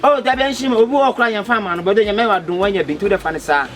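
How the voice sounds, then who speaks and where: A man's voice: sits high, very fast, crowd noise. A Ghanaian man with a Twi accent in a comedy skit, pleading and stammering with many repetitions. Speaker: comedy skit actor, fake motor rider.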